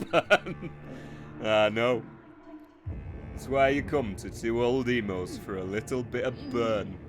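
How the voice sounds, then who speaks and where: A man's voice: mid-range voice, slow pace. A man streaming a game, joking and teasing his co-host, playing with put-on accents. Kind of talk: casual game-stream commentary. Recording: voice over game music.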